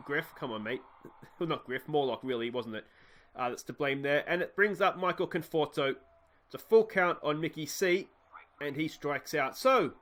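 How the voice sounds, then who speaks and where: An Australian man giving casual, excitable play-by-play commentary over a baseball video game, chatty and breaking into loud cheers. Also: on the high side.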